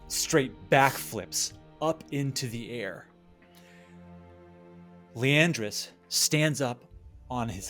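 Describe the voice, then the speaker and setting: A man narrating a tabletop game as game master, telling the scene slowly. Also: mid-range voice, fairly bright tone. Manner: slow, storytelling narration.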